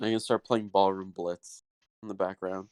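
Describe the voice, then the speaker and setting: A man's voice: deep voice, little pitch movement, normal speed, darkish tone, dry recording. Man, tabletop player, eager, casual swearing, online chat.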